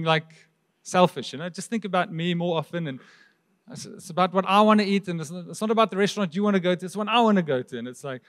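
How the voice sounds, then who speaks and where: South african pastor guy, highish voice, chatty sermon, keeps asking the crowd stuff. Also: animated, fast, a bit bright. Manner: conversational preaching with rhetorical questions. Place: church hall.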